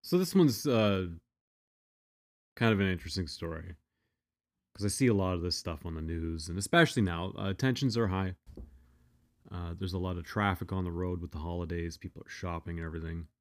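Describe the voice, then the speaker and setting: A man's voice: low voice, brisk. A man telling a personal story in a casual, blunt, profane way, often restarting his sentences.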